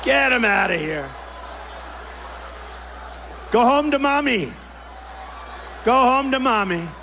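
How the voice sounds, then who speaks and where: At a large indoor rally venue, a political speaker delivers a bombastic, rousing campaign speech in punchy, repetitive short phrases. His very high-pitched voice is animated, pushed and bright, and he takes it slowly. The hall echoes, with faint crowd noise.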